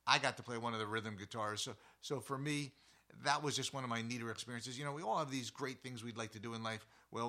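A man who hosts an outdoor show, telling a story in a casual, animated, rambling way full of side remarks. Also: mid-range voice.

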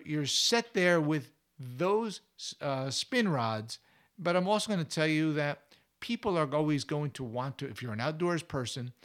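A man's voice: fairly high pitch, a bit bright. A man hosting a fishing show, giving casual advice in a chatty, folksy way with anecdotes. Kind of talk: casual instructional talk.

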